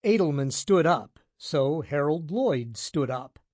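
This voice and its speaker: A man narrating a hard-boiled detective audiobook in the first person, wry and deadpan. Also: on the high side, slow pace, no echo, studio quality.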